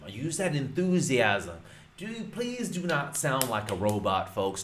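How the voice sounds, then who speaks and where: A man coaches his viewers in a loose, emphatic way. He repeats key points and calls his audience folks. His pitch swings a lot, and the room gives his voice a noticeable echo. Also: very animated, normal speed. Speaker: real estate wholesaling instructor. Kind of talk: casual instructional talk to camera. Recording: roomy echo.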